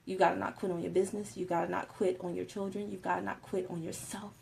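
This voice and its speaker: A woman giving a casual motivational talk on a live stream, animated and laughing often, moving between soft and loud. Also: on the low side, quick pace, vocal fry, a little hiss or hum.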